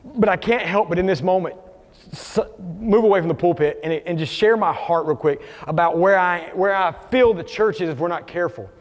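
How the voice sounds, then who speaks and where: Man, pastor, high voice, animated sermon, long reverb of a church hall. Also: fairly quick. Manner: animated preaching, acts out quoted voices. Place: church sanctuary.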